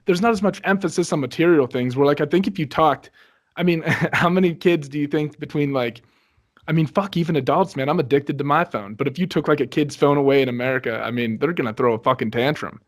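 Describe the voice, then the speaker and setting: A man's voice: a little high, quick pace. A man hosting a sports podcast, speaking casually and reflectively, with some swearing. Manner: relaxed, profane, reflective. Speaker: podcast host. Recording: online call with lag.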